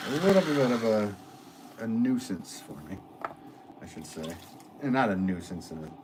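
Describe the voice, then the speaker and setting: Low-voiced guy chatting with viewers while he throws pots, jokey and rambling, noisy background. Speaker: potter hosting a live stream. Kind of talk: casual live-stream chat. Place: pottery studio, indoors.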